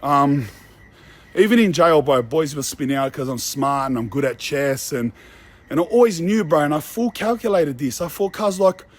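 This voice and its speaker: Strolling outside between apartment blocks, this young Australian social media personality delivers a casual walking vlog in a fairly high, animated voice at normal speed. He's brash, boastful, and heavy on street slang.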